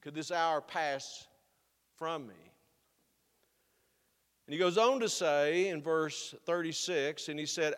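Male pastor, fairly high voice, earnest sermon, slows for emphasis, church hall reverb. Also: a bit bright, clean tone. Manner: earnest, building to slow emphatic stresses.

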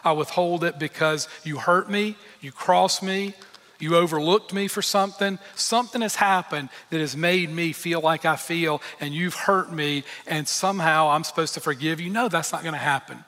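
A male pastor delivers a sermon in an earnest, emphatic way, breaking off for candid personal asides. His voice sits a little high and has a bright, forceful edge. The sound carries a long reverb, as in a church sanctuary. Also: normal speed.

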